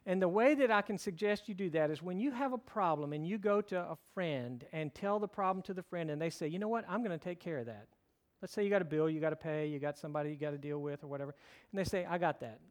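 Middle-aged guy preaching, pretty high voice, chatty and joking, tells stories. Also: fast talker. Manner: conversational preaching with humor and storytelling. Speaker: pastor. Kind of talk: sermon.

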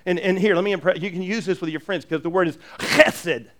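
Male pastor, high voice, lively sermon delivery with joking asides and frequent restarts. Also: brisk. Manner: animated, earnest, jokey asides, frequent repeated restarts.

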